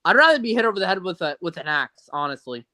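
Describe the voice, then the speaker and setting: A co-host chats casually and keeps jumping in with opinions. The tone is bright and sharp, with a lively pitch and a dry, close sound. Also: fast, dry recording. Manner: curious, chatty, jumps in with opinions. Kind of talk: casual chat.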